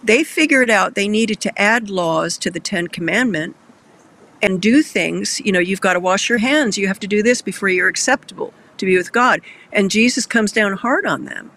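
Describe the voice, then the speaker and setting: Guy with a high gravelly bright voice, earnest christian talk show host, gets kinda emotional. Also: normal speed, a little hiss or hum.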